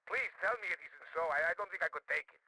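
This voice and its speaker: A man's voice: on the high side, fast talker, bright, forceful tone, rough recording. An actor playing a proud, courteous male colonel who frets over his family's honor in a video game. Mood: fretful.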